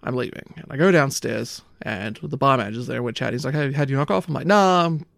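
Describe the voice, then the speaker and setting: A man's voice: mid-range voice, fast talker, vocal fry, a bit bright, no room sound, studio quality. A man telling a long, rambling story in casual chat, swearing often. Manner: rambling anecdote, frequent swearing and "like".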